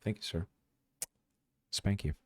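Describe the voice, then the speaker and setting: A man's voice: takes it slowly, no room sound, clean studio sound. A man running a tabletop game on a stream, chatting playfully and teasing his players. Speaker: game master. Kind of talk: casual stream chat.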